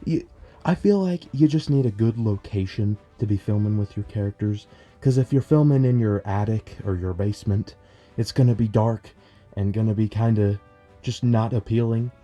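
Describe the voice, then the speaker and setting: A man's voice: lowish voice, normal speed, mellow, dull audio, faint music behind. A young man in a chatty, rambling, self-deprecating tutorial vlog, talking at home as a plush video creator. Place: bedroom at home.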